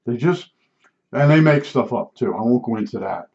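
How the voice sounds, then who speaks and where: An older man with a New Jersey accent rambles through personal stories in a casual, chatty way. He circles back with frequent asides, and his middle-pitched voice comes through a dull, lo-fi recording. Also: animated, normal speed, gravelly, a little mellow. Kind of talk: casual storytelling monologue. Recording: dull lo-fi sound.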